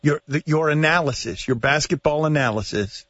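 A man's voice: a little high, fairly quick, a bit bright, breathy edge, no room sound, dull audio. A man hosting a sports radio show, teasing his co-hosts with wry jokes and frequent laughter. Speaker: host.

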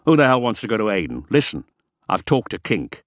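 A man's voice: on the low side, very animated, brisk, no room sound, voice pushed up. A man voicing an impatient, domineering French ex-soldier who talks curtly and irritably.

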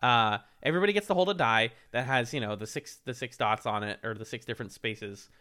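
A man co-hosting a podcast, recapping a reality show in casual chat, animated and laughing often as he acts out quotes. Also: medium pitch, fast talker, clear, resonant tone.

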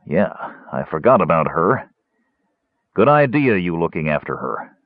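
A man voicing a big, burly, bitter warrior who speaks in a gruff, heavy way. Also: sits low, very animated, measured pace, dry recording, narrow, tinny audio, exaggerated voice.

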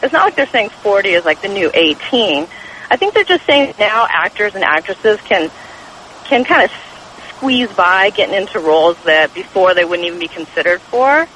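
A woman calling a radio talk show, calmly making her point with plenty of "like"s. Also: mid-range voice, normal speed, a little hiss or hum, rough recording. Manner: calm, reasoning, filler-heavy. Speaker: caller. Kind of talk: casual call-in chat.

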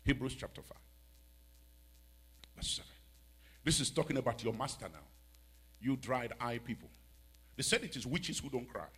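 A man with a West African accent preaching a sermon in a church, dramatic and mocking, dropping to a hush and then shouting. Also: mid-range voice, animated, moderate pace, pauses often, breathy edge.

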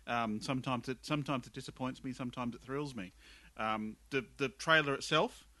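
Male podcast host, bright voice, dry close sound, eager and stumbling. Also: mid-range voice, no echo. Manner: enthusiastic, halting with repeated words. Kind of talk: casual podcast chat.

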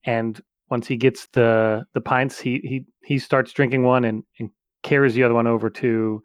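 A man playing a tabletop role-playing game who describes his actions haltingly with many fillers. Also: mid-range voice, flat delivery, no echo. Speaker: player.

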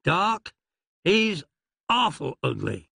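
Man voicing a pushy frontier saloon woman, high-pitched and twangy, gravelly grain underneath. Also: sing-song, extremely slow, pushed and bright, no echo, studio quality, exaggerated voice. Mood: insistent. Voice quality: twangy Western drawl. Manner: blunt and insistent. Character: blunt, worried saloon woman of the Old West.

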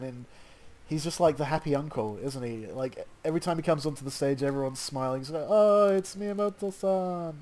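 A man hosting a podcast, joking and rambling in casual chat with frequent laughter. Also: on the high side. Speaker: podcast host.

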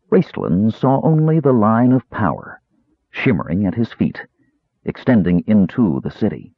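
A man narrating an audiobook in a scripted, expressive way. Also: fairly low pitch, husky, dry recording. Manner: expressive, varied delivery. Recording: thin phone-like audio.

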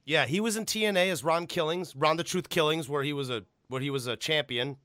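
A man hosting a podcast in casual chat, animated and swearing freely. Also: on the high side, a little fast, no echo, studio quality. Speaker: podcast host.

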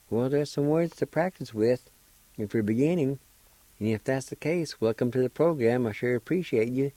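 A man hosting a radio language lesson, slowly spelling and pronouncing words syllable by syllable. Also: medium pitch, dark tone, dry recording, rough recording. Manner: slow, deliberate, spells syllables one at a time. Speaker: language teacher and radio host. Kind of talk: slow spelling and pronunciation lesson.

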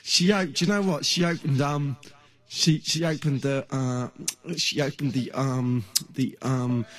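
A man's voice: mid-range voice, steady tone, a little slow. A man doing rambling, crude improvised comedy, stumbling over his words. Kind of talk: improvised comic voices. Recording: loud music behind the voice.

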